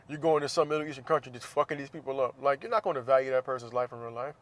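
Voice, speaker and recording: A man's voice: medium pitch, fast, fairly bright tone. A man hosting a podcast, talking in a blunt, profane, casual monologue and laughing between points. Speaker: podcast host.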